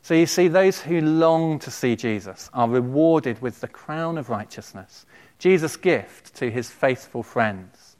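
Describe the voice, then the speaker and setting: A man's voice: medium pitch, expressive, a little mellow. Earnest man preaching a farewell sermon. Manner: earnest, measured preaching with quotations read aloud. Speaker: pastor. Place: church.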